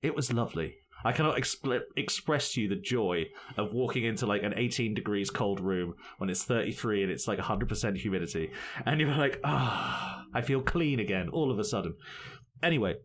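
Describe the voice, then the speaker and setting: A man's voice: lowish voice, animated, fairly quick, slight background noise. A man co-hosting a casual podcast, chatting loosely, laughing often and slipping into goofy put-on accents. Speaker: podcast co-host. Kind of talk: casual chat.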